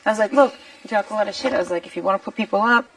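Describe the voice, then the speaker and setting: A woman's voice: medium pitch, racing, no room sound. A woman acting as a reality show houseguest, talking strategy in private in a blunt, defensive way. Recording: distant, dry room mic.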